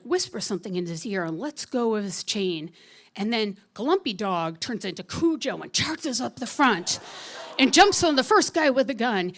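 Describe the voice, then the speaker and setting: A woman telling a true story on stage at a live story slam, lively and wry, often laughing as she talks. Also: fairly high pitch.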